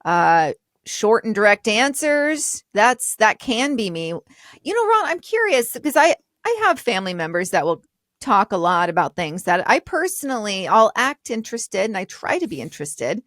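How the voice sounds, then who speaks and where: Middle-aged lady cohost, direct and chatty, medium pitch, dry close mic. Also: very animated, moderate pace, a bit bright, no room sound. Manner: straightforward, laughs often. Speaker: podcast co-host. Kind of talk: casual chat.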